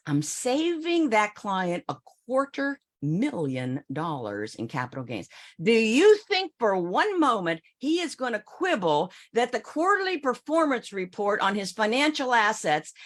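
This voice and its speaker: A middle-aged woman, a former financial advisor, speaking emphatically to an audience and addressing listeners directly with rhetorical questions. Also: on the high side.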